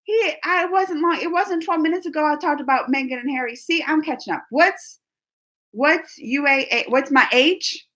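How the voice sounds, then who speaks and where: A woman in her forties hosting a casual livestream, chatting with viewers in a rambling, animated way and laughing often. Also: sits high, moderate pace. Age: 40s. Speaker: livestream host reading chat. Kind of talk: casual live chat.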